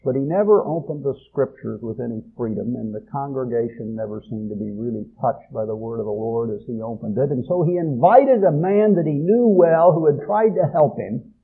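A man preaching a sermon, swelling loud on key phrases and dropping low at the ends. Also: lively intonation, moderate pace, vocal fry, breathy edge. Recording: tinny phone-like audio.

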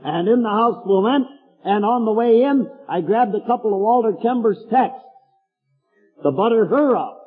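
A man's voice: sits high, expressive, moderate pace, breathy edge. An older man preaching a folksy storytelling sermon with chuckling asides, heard through a tinny, echoey hall recording.

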